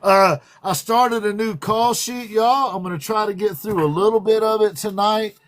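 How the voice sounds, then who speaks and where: A man hosts a casual livestream. His voice sits a little high, and he rambles through announcements, stopping to greet viewers by name. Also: moderate pace. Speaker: livestream co-host.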